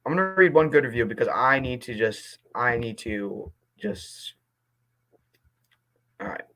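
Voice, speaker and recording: An excitable young man ranting casually. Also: mid-range voice, rough recording. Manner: passionate, quickly indignant, then apologetic. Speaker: vlogger reading movie reviews. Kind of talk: casual reaction vlog.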